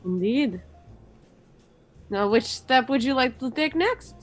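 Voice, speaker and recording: Slow-talking woman playing a stern barbarian. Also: high voice, lively intonation, faint music behind. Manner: slow, broken-English barbarian speech. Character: stern motherly female barbarian. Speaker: player. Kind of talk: in-character tabletop role-play.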